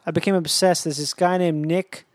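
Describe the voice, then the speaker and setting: A man guesting on a podcast, chatting casually in an excitable, incredulous manner with plenty of swearing. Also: fairly high pitch, moderate pace, dry recording.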